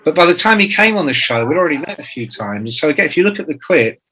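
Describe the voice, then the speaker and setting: A man's voice: on the high side, sing-song, quick pace, bright, forceful tone, breathy edge, rough recording. A man in his sixties, a guest author telling profane, jokey anecdotes and acting out the quotes. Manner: profane, jokey storyteller who acts out quotes. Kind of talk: anecdotal interview talk.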